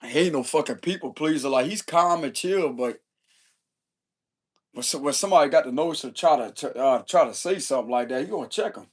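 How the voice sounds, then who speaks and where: A man's voice: on the high side, lively intonation, a little fast. Slangy, profane man reading tarot. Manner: loose, profane, slangy chat; chuckles often. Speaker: tarot reader.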